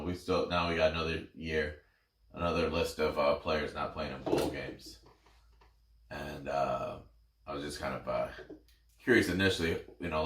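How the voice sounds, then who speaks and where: A man with a very deep voice talks sports in a loose, profane way, stumbling through ums and restarts. He is set back from the mic in an echoing room. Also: a bit bright. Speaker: podcast co-host. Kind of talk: casual sports chat. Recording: roomy echo, a bit far from the mic.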